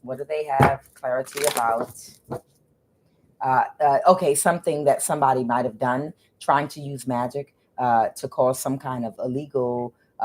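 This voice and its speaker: Very deep-voiced hesitant woman tarot reader. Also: darkish tone. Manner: hesitant, full of filler sounds, repeats herself. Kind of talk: casual tarot reading.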